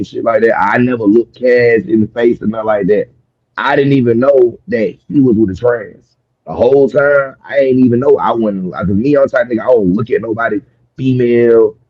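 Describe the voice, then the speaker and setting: A man's voice: medium pitch, breathy edge, dry recording, dull audio. A man telling a long, profane story in a rambling way during a street interview, with many restarts and fillers. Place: outdoors on a city street.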